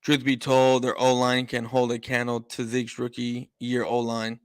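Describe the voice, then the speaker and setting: A man's voice: mid-range voice, completely flat delivery, normal speed, smooth, dry recording. A man hosting a live-stream sports show, ranting emphatically and repeating himself for effect. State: out of breath. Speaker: sports talk host.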